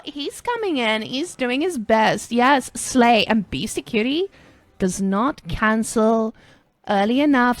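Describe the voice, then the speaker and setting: A woman's voice: sits high, a bit bright, no room sound. A woman putting on a bubbly young American coffee-shop girl voice while commentating a strategy game, gushing and upbeat. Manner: gushing, upbeat, drawn-out exclamations.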